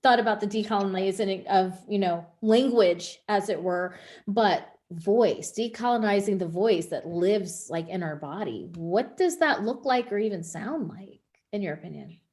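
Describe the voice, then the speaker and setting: A woman conducts an interview with open curiosity, her questions expressive and easygoing. She sounds like a radio host in relaxed conversation, with a medium-pitched voice. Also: normal speed. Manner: curious, expressive, laughs easily.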